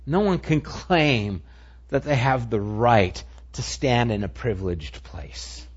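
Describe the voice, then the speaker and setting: A male pastor preaching a sermon, moving between animated emphasis and hushed, near-whispered lines. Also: medium pitch, slow, breathy edge, highs cut off.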